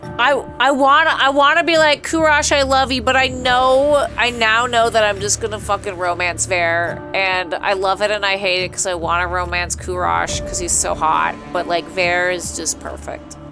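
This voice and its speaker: A young woman streaming a visual novel, reading the game text aloud and breaking off into excitable, profane reactions about the characters. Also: medium pitch. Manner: excitable, swears freely, gushes over characters.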